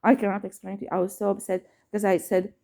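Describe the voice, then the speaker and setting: Here a woman talks fast at medium pitch, her tone level and dark with some vocal fry. She's a vlogger recounting something personal to camera, stumbling through fillers and restarts while emphatically repeating herself and swearing when she's upset.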